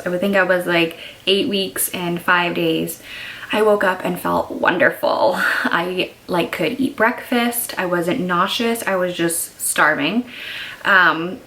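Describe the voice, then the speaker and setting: A woman's voice: fairly low pitch, a bit bright, poor audio. A young pregnant woman telling her story in a candid, chatty video diary. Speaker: vlogger.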